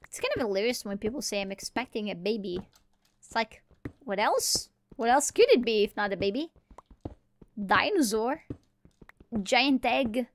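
A woman's voice: on the high side, lively intonation, normal speed, long pauses, a little hiss or hum. Playful woman narrating her game. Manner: rambling, playful self-talk. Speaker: gamer playing solo. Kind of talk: let's play commentary.

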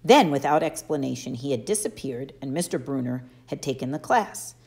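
A woman narrating a children's novel aloud, expressively and slowing down for emphasis. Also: very deep voice, lively intonation, creaky, a little mellow. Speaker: audiobook reader. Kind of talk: storybook narration.

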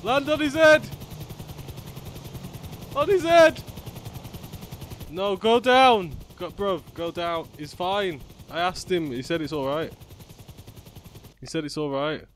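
A man with doing excitable gameplay commentary, yelling and cursing at other players. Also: high-pitched, takes it slowly, pauses often, a little hiss or hum. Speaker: gaming YouTuber. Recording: game music playing underneath.

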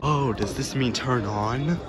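A man giving casual, excitable commentary as he explores a game and jokes along the way. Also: mid-range voice, slow. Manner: chatty, excitable, jokey narration while exploring. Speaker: gaming vlogger. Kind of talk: casual let's-play commentary. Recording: noticeable background noise.

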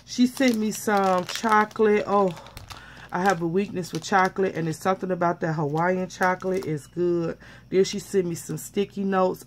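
A woman vlogger chatting casually as she unboxes a package, gushing and repeating how much she loves each item, excited and a little flustered. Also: on the low side, slight background noise.

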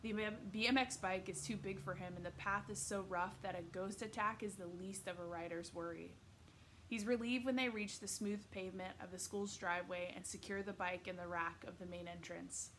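A woman reading a children's novel aloud, with a mid-range voice and steady, expressive pacing. There is a faint hiss of noise under her reading. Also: mid-range voice, normal speed. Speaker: narrator. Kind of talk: read-aloud book narration.

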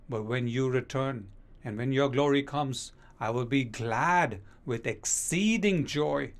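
A man preaching a sermon as pastor, speaking emphatically and slowing down to read scripture verses aloud. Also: mid-range voice.

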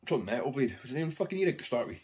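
A man's voice: mid-range voice, very animated, rapid-fire, darkish tone, slight background noise. A man casually rambling through anecdotes about his record collection, swearing constantly.

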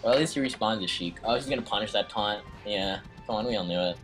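Young man, game commentator, casual and slangy, excitable, frequent swearing, faint background music. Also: on the low side, fast. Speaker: stream commentator.

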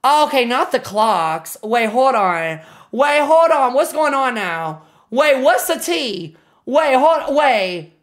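A young adult woman streaming a reaction video, chatting casually, swearing constantly and bursting into loud laughter. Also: sits high, big pitch swings, slow pace. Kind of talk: casual livestream reaction chat.

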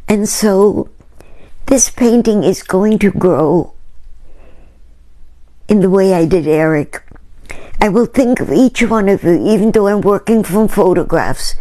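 A woman's voice: medium pitch, lively intonation, mellow. An older woman, a painter, telling a group about her work in an earnest, reflective way. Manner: earnest, reflective, unhurried storytelling. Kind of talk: storytelling talk to a small group.

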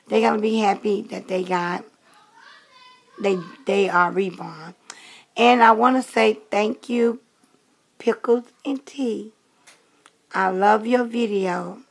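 A woman's voice: medium pitch, gravelly, slightly rough. A woman in her late fifties chatting casually to camera in a rambling way, with many fillers and restarts. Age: 50s. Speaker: vlogger.

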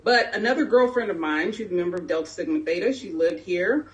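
A woman's voice: lowish voice, animated, brisk, lo-fi sound. Woman telling a candid story, distant mic. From San Jose, California. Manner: candid, conversational, frequent fillers. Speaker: town hall speaker. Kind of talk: personal story at a town hall. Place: community town hall meeting.

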